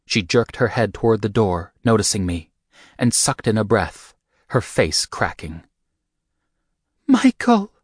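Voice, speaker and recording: A man reads a first-person audiobook in a measured, steady way. His voice sits very low. The sound is dry and close, with no room around it. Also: husky, dry recording. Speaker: audiobook narrator.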